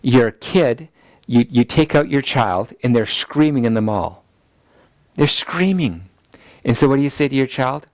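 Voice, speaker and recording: A man teaching a ministry school lecture in a voice of ordinary pitch. He repeats his main points so they can be written down. The sound is dry and close, with no room echo. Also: animated, a little slow. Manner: acts out people's anxious inner voices in quotes; repeats key points for note-taking.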